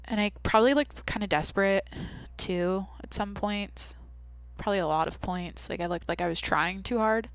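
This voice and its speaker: A woman's voice: medium pitch, normal speed, dry recording. A young woman hosting a podcast, talking candidly in a rambling, casual way with lots of "like". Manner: rambling, candid, heavy use of "like". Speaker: podcast host. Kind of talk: casual monologue.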